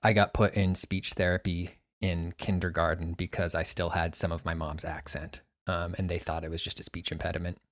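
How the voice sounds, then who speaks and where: A man's voice: low voice, level tone, fairly quick, hardly any pauses, no echo. A man chatting casually on a podcast, rambling with lots of restarts and fillers. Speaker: podcast producer and guest. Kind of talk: casual chat.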